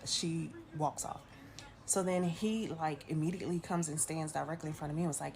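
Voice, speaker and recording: A woman who works for an airline, telling a story in a chatty, animated, slangy way. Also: deep voice, quick pace, slight background noise. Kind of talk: casual storytelling.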